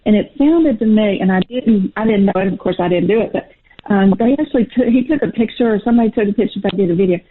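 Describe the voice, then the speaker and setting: A woman's voice: mid-range voice, fast, slight background noise. A middle-aged woman calling in to a radio show, out of breath and nervous, telling a rambling story. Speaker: caller. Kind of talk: casual phone call to radio show. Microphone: phone. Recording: tinny phone line.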